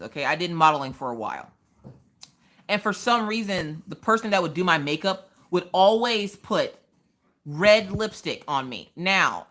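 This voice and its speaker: Woman, low-pitched, casual livestream host, storyteller who acts out quotes. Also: a bit bright. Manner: chatty storytelling, acts out quotes, talks to chat. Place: home.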